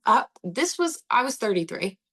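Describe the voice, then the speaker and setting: An American woman in her thirties hosting a podcast, telling her own story in an animated way and laughing often. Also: fairly high pitch, normal speed, husky. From United States. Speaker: podcast host. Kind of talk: casual conversational podcast.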